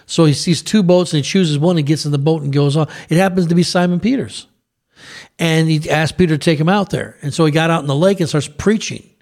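Gravelly man retelling a Bible story. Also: fairly high pitch, a little fast. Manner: storytelling, animated retelling with asides. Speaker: pastor co-host. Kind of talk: preaching on a talk show.

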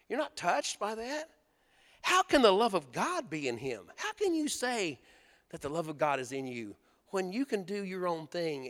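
A pastor preaching a sermon in a folksy, storytelling way, asking the congregation questions. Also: male voice, on the high side, fairly bright tone, long reverb tail.

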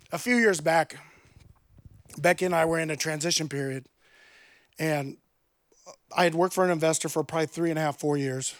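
A pastor in his thirties preaches a sermon, telling a personal story with animated delivery and acting out the dialogue. His voice is fairly high and comes at normal speed with frequent pauses, and there's no room sound.

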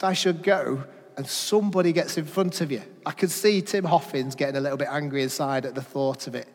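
A middle-aged man preaching a sermon, asking rhetorical questions, telling personal stories, and dropping to a hush at key points. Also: fairly high pitch. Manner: rhetorical questions, personal anecdotes, dramatic drops in volume. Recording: long reverb of a hall.

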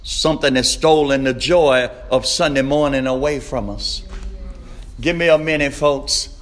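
A man preaching a sermon, slow and emphatic, repeating his refrains and rising to shouts. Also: mid-range voice.

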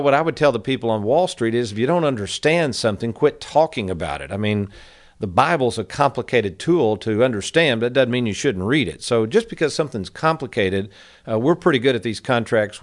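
A middle-aged man hosting a radio advice show, talking casually and folksy, calling his listeners folks. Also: medium pitch. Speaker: radio show host, annuity advisor. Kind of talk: casual financial advice talk.

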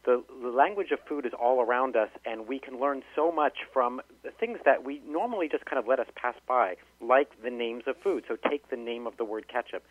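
A man's voice: mid-range voice, a little fast, hardly any pauses, no room sound. A man, an author and linguist, storytelling in a phone-in interview with many restarts. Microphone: telephone. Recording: tinny phone line.

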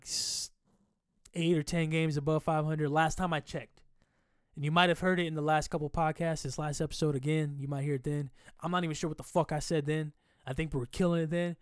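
A man's voice: on the high side, fairly even intonation, fairly quick, clear, resonant tone, dry recording. Profane, rambling young-sounding man, dry close mic. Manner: loose, profane, rambling, jokey. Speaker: podcast host. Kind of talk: casual sports chat.

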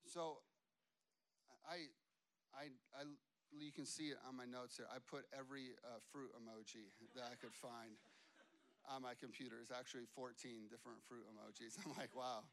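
A man preaching a sermon as pastor, talking conversationally with many "you know what I mean" asides, dropping to hushed, slow passages and rising into loud, animated storytelling. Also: mid-range voice, gravelly.

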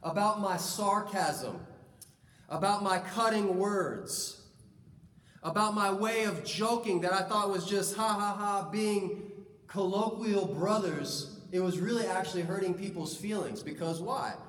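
Male pastor, sermon, high voice, conversational, distant mic, long reverb, faint room hum. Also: a little slow. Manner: lively, conversational, acts out anecdotes. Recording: echoey hall, distant mic, faint ambience.

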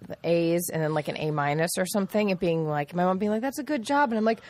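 A woman in casual chat, giggly and quick to react, telling her own stories. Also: on the low side, dry recording. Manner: giggly, lively, reacts a lot.

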